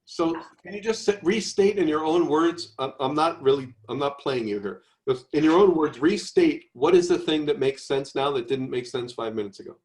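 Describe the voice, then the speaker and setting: A man's voice: fairly high pitch, animated, moderate pace, few pauses, darkish tone. A man leading a seminar discussion, questioning students and coaxing them to restate ideas in their own words. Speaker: seminar tutor.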